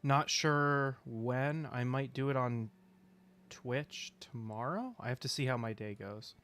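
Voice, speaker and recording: A young man chatting casually on a game stream, rambling with fillers, clearing his throat and hiccuping now and then. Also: medium pitch, slow, a bit bright. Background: faint music.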